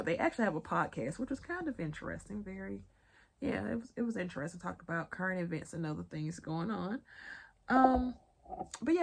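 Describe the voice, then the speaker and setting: A young adult woman with a Southern accent and a lowish, creaky voice vlogs a casual pop-culture news recap. She talks straight to her viewers, calling them y'all, and keeps it chatty with laughing asides.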